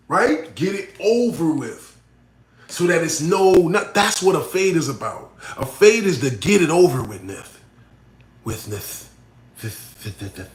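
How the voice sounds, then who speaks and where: A man, a battle rapper, talking casually to camera and answering a fan's question. He is blunt, repeats himself and swings between loud emphatic points and muttered asides. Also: sits high, expressive, normal speed. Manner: blunt, repeats himself, full of "you know what I'm saying" and "right?". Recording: echoey room.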